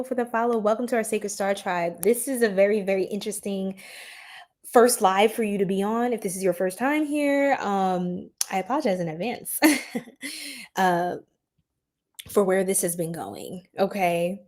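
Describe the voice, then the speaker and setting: Hosting a relaxed astrology stream, this woman chats with viewers in a flustered, giggling way, speaking straight to the chat. Her voice sits in the middle range with a darkish tone and an ordinary speed.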